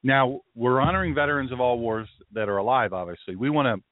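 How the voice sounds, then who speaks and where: A man's voice: medium pitch, fast talker, dry recording. Man talking through a phone-like line. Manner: rambling, with conversational asides and restarts. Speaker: pastor and show host. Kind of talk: casual podcast monologue. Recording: dry, phone-like narrow sound.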